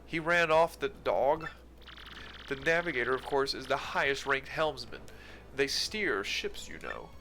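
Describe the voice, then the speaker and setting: A man's voice: medium pitch, sing-song, unhurried, sharp tone, slight background noise, heavily acted. A man voicing a boastful, vain male explorer with a fancy accent, talking in a pompous, grandiose way. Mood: fussy.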